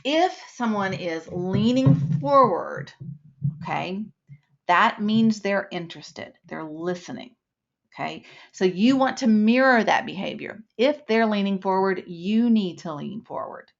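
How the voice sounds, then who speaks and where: A woman's voice: medium pitch, animated, measured pace, creaky, highs cut off. A woman instructor giving a live webinar lesson, explaining points with acted-out examples.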